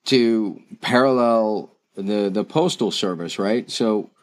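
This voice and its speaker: A man co-hosting a casual business chat, upbeat and quick to laugh. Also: fairly low pitch. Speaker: podcast co-host.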